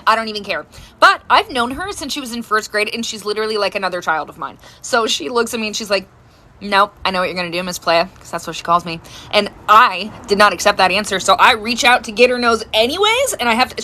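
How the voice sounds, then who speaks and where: Lively high-voiced woman telling stories. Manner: animated, acts out quoted voices, laughs often. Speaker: storyteller. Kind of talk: casual storytime monologue.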